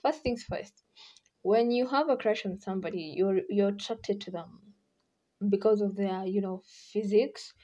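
A woman talks her way through relationship advice in a loose, chatty podcast monologue, and she slips into little acted-out voices as she goes. Her voice is mellow and a bit husky, with a soft, dark tone. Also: mid-range voice, a little slow, dull audio. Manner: chatty, acts out quoted voices, laughs often. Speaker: podcast host.

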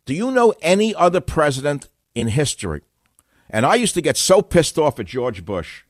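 A man's voice: on the high side, sing-song, normal speed, no room sound, studio quality. An older man hosting a call-in radio talk show, opinionated, emphatic and self-assured, combative in his monologues.

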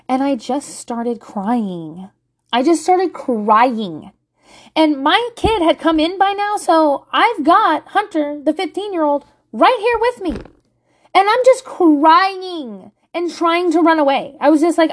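A woman, telling a candid, profane parenting story in a vlog monologue. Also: measured pace. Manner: profane, animated, swings to loud and high when laughing.

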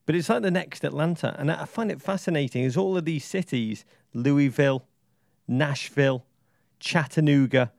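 Gravelly-voiced man telling a rambling story. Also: medium pitch, darkish tone, dry recording, clean studio sound. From England. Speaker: podcast co-host. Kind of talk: casual chat.

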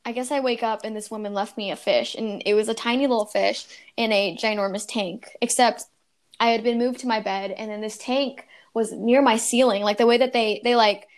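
A woman's voice: on the high side, steady tone, fairly quick. A young adult woman co-hosting a podcast, telling a rambling story with lots of fillers. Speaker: podcast co-host. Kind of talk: casual chat.

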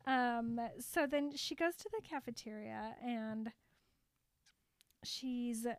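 A high-voiced woman retells a movie in a casual chat, bubbly and quick to giggle. She acts out each character's lines as she goes. The sound is close and dry. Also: no echo.

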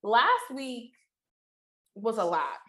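A woman's voice: fairly high pitch, big pitch swings, very slow, pushed and bright. A woman co-hosting a podcast in casual chat, chatty and slangy, laughing often. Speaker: podcast co-host.

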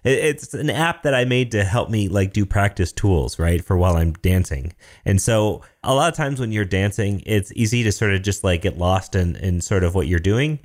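A man in his thirties co-hosting a podcast, telling a story in a relaxed, enthusiastic way. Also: fairly low pitch, moderate pace, few pauses. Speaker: podcast co-host. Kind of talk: casual tech chat.

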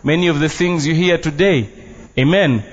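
A man's voice: a little high, moderate pace. A man preaching a sermon as pastor in a church, emphatic and playful, dropping Luganda phrases into his English. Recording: dull, muffled sound.

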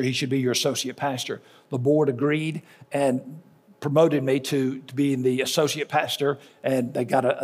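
A man's voice: medium pitch, a little mellow, slightly rough. A middle-aged male pastor giving a folksy sermon, telling stories and repeating lines for emphasis. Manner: folksy storytelling preacher with repetitions for emphasis.

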